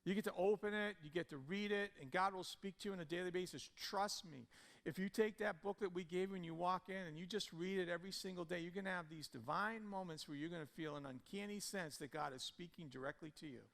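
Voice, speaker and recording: Male pastor, sermon delivery, gravelly voice, big emphatic swings, long church-hall reverb. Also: sits high, fast, fairly bright tone. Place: church sanctuary.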